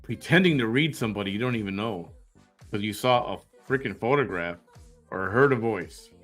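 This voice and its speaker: A man's voice: fairly low pitch, animated, normal speed, a bit bright, faint music behind. A man hosting an opinion commentary, reacting to clips in a blunt, confrontational way and firing rhetorical questions. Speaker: host.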